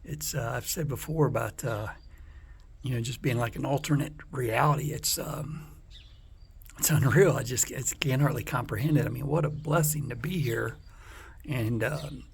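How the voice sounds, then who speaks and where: Man, casual travel vlog, halting and relaxed, outdoors on a porch, faint outdoor noise behind. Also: medium pitch, gravelly. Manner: halting, relaxed, full of fillers. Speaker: travel vlogger on a bike trip.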